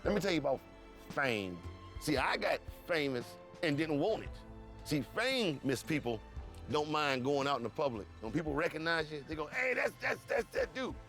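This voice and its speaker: A man's voice: fairly high pitch, animated, moderate pace, fairly bright tone, faint music behind. A man from Cleveland telling his story in an interview, profane and acting out the dialogue, repeating words in bursts. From Cleveland, USA.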